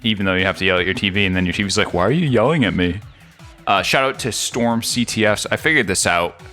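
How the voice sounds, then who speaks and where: Brief: deep, bright-toned male host, rambling jokey game commentary, faint music underneath. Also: fast. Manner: rambling, jokey, thinks out loud. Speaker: gaming video host.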